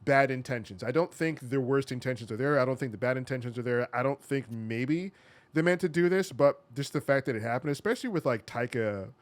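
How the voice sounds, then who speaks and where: A man co-hosting a casual movie review chat, animated, often laughing, with quick asides. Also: medium pitch. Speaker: podcast co-host.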